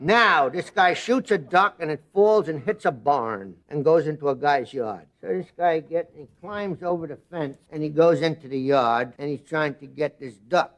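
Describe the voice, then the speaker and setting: A comedian telling jokes and stories as a talk show guest, animated and doing voices and sound effects. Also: male voice, fairly high pitch, moderate pace, hardly any pauses. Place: television studio with live audience. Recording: studio audience laughter behind.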